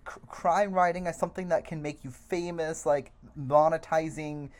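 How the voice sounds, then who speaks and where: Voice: mid-range voice, fairly even intonation, normal speed, darkish tone. Podcast co-host musing with many fillers. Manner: thoughtful, hedging with many fillers. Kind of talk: casual film discussion.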